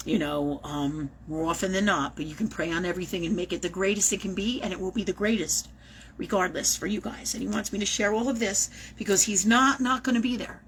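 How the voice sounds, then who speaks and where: A woman's voice: medium pitch, steady tone, a little fast, a bit bright, slight background noise, rough recording. A woman talking casually and animatedly as a medium in a live-streamed reading, swearing now and then. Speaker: psychic medium.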